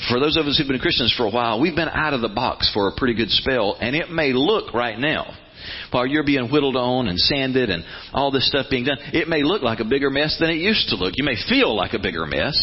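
A man delivers a folksy sermon, slipping into the voices of God and of struggling believers. His husky voice sits a little high and swoops widely as he speaks. The recording sounds dull and lo-fi. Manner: folksy storytelling, acts out voices of God and churchgoers. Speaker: preacher.

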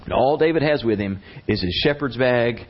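A man's voice: mid-range voice, expressive, moderate pace. A man preaching a sermon, retelling a Bible story in a casual, conversational way with slang. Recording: slightly muffled lo-fi recording.

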